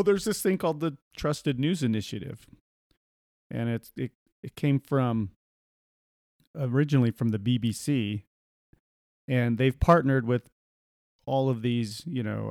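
A man talking casually on a podcast at an ordinary pitch. He reads passages aloud and adds sarcastic remarks. The sound is dry and close to the mic. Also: gravelly, a little mellow, no echo. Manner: reads quotes aloud, sarcastic, laughs often. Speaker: podcast co-host. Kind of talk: casual conversational commentary.

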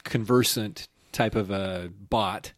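A man hosting a podcast, chatting casually, opinionated and quick to laugh. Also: on the low side, no echo, studio quality. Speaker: podcast host. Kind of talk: casual chat.

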